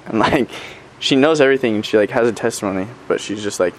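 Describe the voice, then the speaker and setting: A man's voice: on the low side, quick pace, slight background noise. Young man in his twenties, missionary, chatty and upbeat, full of fillers. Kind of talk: casual video update.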